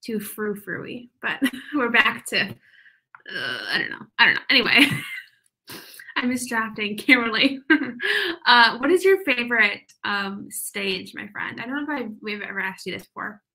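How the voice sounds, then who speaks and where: Brief: chatty woman streamer, bright and slightly high, breathless bubbly delivery. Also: expressive, unhurried. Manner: bubbly, chatty, lots of "like" and laughs. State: a little out of breath. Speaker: livestream host of writing sprints. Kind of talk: casual chat reading live comments.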